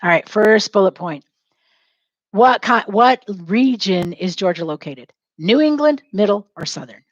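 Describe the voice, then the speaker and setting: A woman's voice: medium pitch, a little slow, no echo, dull audio. A woman teacher leading a lesson, dictating notes and having students repeat each phrase, spelling words aloud and chatting to herself while she works. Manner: lively, talks to herself while working.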